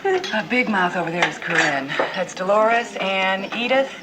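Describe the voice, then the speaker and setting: A woman's voice: mid-range voice, lively intonation, a little slow, very noisy, lightly acted. An actress playing a seasoned female prison inmate who takes newcomers under her wing, bossy, protective and wisecracking. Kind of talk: film drama acting. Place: prison mess hall. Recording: loud dish and cutlery clatter. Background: clattering dishes and cutlery.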